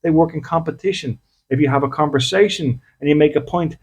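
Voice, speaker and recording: A man's voice: fairly high pitch, a little fast, slightly rough. Chatty man talking to his audience. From Ireland. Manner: conversational, acts out little dialogues, often checks in with "okay?". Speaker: spiritual medium and podcast host. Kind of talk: casual talk to the audience.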